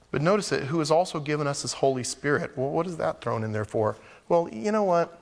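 A man preaching a sermon as a pastor, swinging between loud exclamations and hushed asides. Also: a little high, lively intonation, a little fast, creaky, in a large hall.

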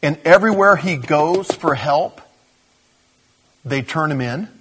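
A man's voice: a little high, lively intonation, measured pace, fairly bright tone, breathy edge. A man preaching a sermon in a conversational, self-deprecating way, talking to his congregation like friends. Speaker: pastor.

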